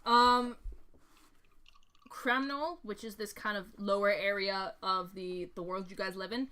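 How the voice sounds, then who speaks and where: A woman's voice: mid-range voice, fairly even intonation, a little slow, pushed and bright, clear, resonant tone. A woman narrating as game master in a tabletop game, casual and hesitant, with many fillers.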